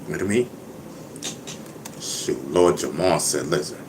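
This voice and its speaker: A man's voice: a bass voice, a little slow, noisy background. A man talking casually to his viewers, boastful and laughing, who keeps saying "you know what I mean". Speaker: vlogger.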